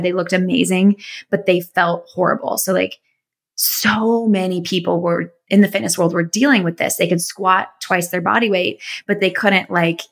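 A woman's voice: fairly low pitch, a bit bright. A woman in her thirties, a physical therapist and fitness business owner, talking as an enthusiastic, chatty interview guest. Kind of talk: casual interview chat.

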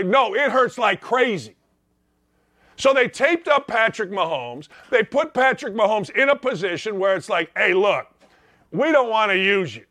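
Man, sports host, loud mocking rant, high bright voice, dry studio sound. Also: big pitch swings, moderate pace, no echo. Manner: loud, mocking, does whiny voices of players.

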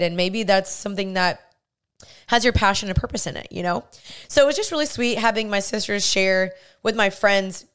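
A woman's voice: mid-range voice, clean tone. A woman in her twenties, a podcast host, telling a casual story in a bubbly, gushing way with lots of "like". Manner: bubbly, gushing, heavy use of "like".

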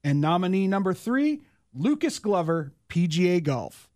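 A man's voice: high voice, sing-song, moderate pace, a little mellow. A man producing and co-hosting a sports show, reading recaps and bantering. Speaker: producer and co-host. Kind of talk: casual sports segment hosting.

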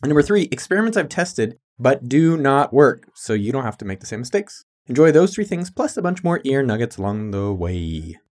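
A man's voice: mid-range voice, sing-song, a little fast, hardly any pauses, darkish tone. A man hosting his own podcast in a hyped, jokey, casual monologue with some cussing. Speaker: podcast host.

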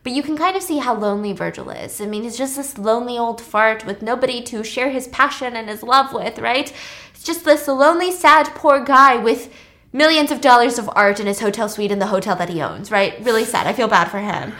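A woman's voice: a little high, fairly quick, pushed and bright. A woman casually retelling a film's plot with chatty, slangy asides and laughs. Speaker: storyteller host.

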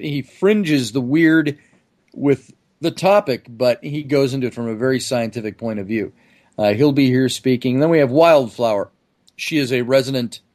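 A man's voice: medium pitch, a little mellow. A man speaking as a guest in a casual podcast interview, chatty and promotional, stringing together long lists. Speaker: guest, event organizer.

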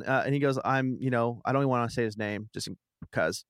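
A man co-hosting a casual chat, telling a story in a relaxed, easygoing way. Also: mid-range voice, fast talker, dry recording.

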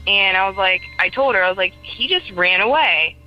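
A woman's voice: medium pitch, expressive, a little fast, muffled recording, faint music behind. A young woman calling in to tell a ghost story in casual first person, chatty and full of "like," acting out the dialogue as she goes. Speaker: caller sharing a ghost story.

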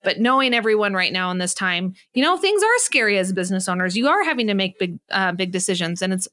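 A woman's voice: mid-range voice, sing-song, fast, pushed and bright. Emphatic woman coaching guest. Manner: emphatic, preachy motivational delivery. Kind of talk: podcast interview.

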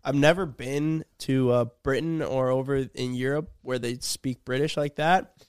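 A young man in casual podcast chat, blunt and quick to exclaim and swear. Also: medium pitch, steady tone, clear, resonant tone. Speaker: podcast co-host.

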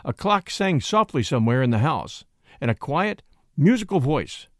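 An expressive male narrator reading a suspense story, his pitch swinging widely from phrase to phrase. The voice is slightly high for a man and the recording is dry and close. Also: normal speed, dry recording. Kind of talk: audiobook reading.

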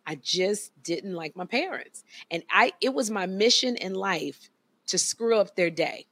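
A woman in her forties, a talk show co-host, telling stories in a dramatic, animated way in casual chat. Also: medium pitch, a little slow. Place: TV studio.

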